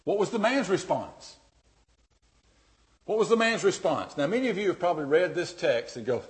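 A man preaching a sermon as pastor, dynamic, dropping to a hush and then rising loud and emphatic. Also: fairly high pitch, big pitch swings, normal speed.

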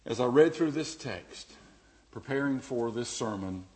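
A man preaching a sermon as pastor, dynamic, dropping to a hush and then rising loud and emphatic. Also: medium pitch, expressive, unhurried.

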